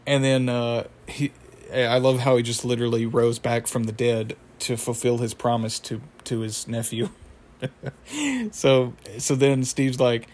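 Man, rambling casual recap, flat pitch, laughs often. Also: unhurried. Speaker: recapping a cartoon episode. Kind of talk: casual chat.

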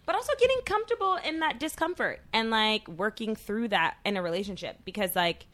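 A woman's voice: on the high side, expressive, a little fast, fairly bright tone. A woman in her twenties co-hosting a podcast, telling a personal story candidly with lots of fillers. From New York. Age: 20s. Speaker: podcast co-host. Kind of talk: casual chat.

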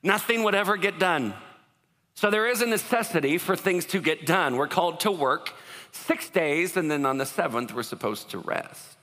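A male pastor preaches a conversational sermon with jokes and asides, his voice bright and a little raised. He keeps questioning the congregation. A long hall reverb trails after his words. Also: on the high side, animated, normal speed. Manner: conversational, joking, asks the crowd questions.

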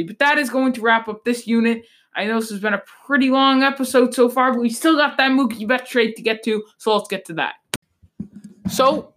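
A woman's voice: mid-range voice, a bit bright. A woman hosting a sports podcast, giving blunt, opinionated takes in a loose, rambling way with frequent restarts. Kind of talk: casual sports talk.

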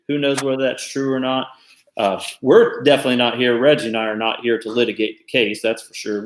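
A man co-hosting a casual discussion, thinking aloud in a thoughtful, halting way with frequent restarts. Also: mid-range voice, reverberant. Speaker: podcast co-host.

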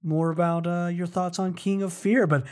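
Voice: mid-range voice, steady tone, moderate pace. Laughing, reflective podcast co-host. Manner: laughs often, reflective and enthusiastic. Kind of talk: casual podcast chat.

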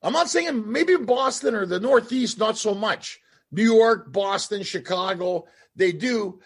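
Husky high-voiced man from Canada. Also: measured pace. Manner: rambling, animated, trails off and restarts. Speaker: podcast host. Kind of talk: casual chat.

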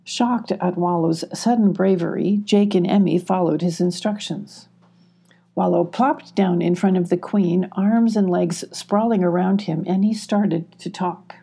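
A woman reading a children's adventure audiobook in a measured, gentle storytelling manner. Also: fairly low pitch, steady tone, gravelly, breathy edge. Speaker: audiobook reader. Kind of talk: scripted audiobook narration.

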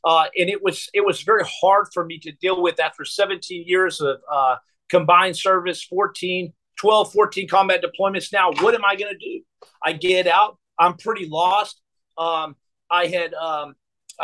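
A man's voice: high-pitched, fairly even intonation, moderate pace, pushed and bright, low-quality recording. A man in his forties telling a long personal story as a podcast guest, rambling and repeating words with many fillers.

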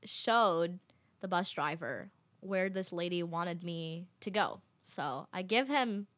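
A young woman telling a travel story to her viewers in a casual, animated way, full of fillers and little laughs. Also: fairly low pitch, slow, no echo. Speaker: vlogger.

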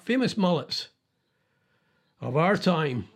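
A man's voice: fairly high pitch, animated, measured pace, long pauses. A man hosting a casual chat about news stories, rambling and thinking aloud as he goes.

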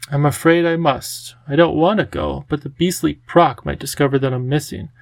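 A man voicing a charming, theatrical male cat with a genteel, drawn-out, fussy way of talking. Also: on the high side, steady tone, gravelly, no echo. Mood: coaxing.

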